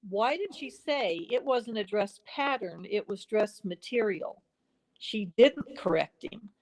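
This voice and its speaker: A woman's voice: mid-range voice, animated, a little slow. A woman guest on a podcast, telling a story conversationally, building her argument point by point and acting out bits of quoted dialogue. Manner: earnest, builds a case point by point; acts out quoted dialogue in brief snippets.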